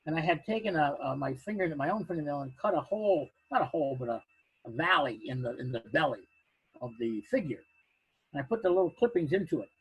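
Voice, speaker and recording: An older man telling a personal anecdote, halting and restarting, acting out the other people's lines. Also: fairly high pitch, expressive, breathy edge, no room sound, dull audio. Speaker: storyteller.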